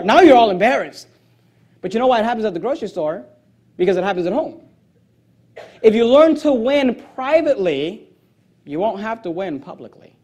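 A man's voice: very high-pitched, lively intonation, normal speed, a little mellow. A male preacher delivering a sermon, emphatic and repetitive, rising into raised exhortations.

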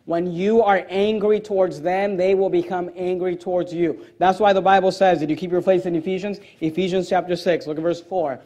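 High-voiced emphatic male preacher. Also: fairly even intonation, a little fast, few pauses, warm tone. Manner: emphatic preaching, reading scripture aloud; joking asides, voice jumping high on punch lines. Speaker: pastor. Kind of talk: sermon.

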